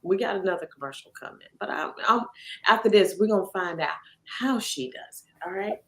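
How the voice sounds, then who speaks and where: A woman's voice: medium pitch, expressive, fairly quick, sharp tone. A woman hosting a casual interview, chatting with frequent tag questions. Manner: conversational, tag questions like "right?". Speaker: podcast host. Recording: roomy echo.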